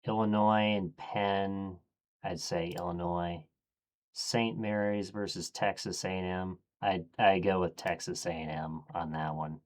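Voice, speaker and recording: A man streaming, thinking aloud in a casual, low-key way as he murmurs his choices one after another. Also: steady tone, measured pace.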